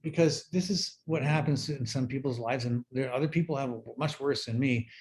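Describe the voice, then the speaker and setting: A middle-aged man sharing his recovery story at a workshop, speaking in a halting, reflective way with many fillers and restarts. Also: medium pitch, a little mellow. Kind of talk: personal sharing talk.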